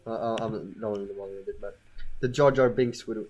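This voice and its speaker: A man's voice: lowish voice, steady tone, brisk, darkish tone. A man giving casual let's-play commentary, rambling and hesitant with frequent stammers and restarts. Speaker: gameplay commentator.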